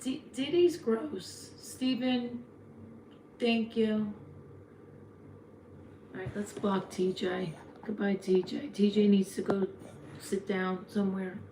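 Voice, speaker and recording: Slow, chatty woman in an echoey room. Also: medium pitch, dark tone, slight background noise. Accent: New Jersey. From New Jersey. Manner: chatty, frank, talks back to viewer comments. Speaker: livestream host. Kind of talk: casual live chat reading comments.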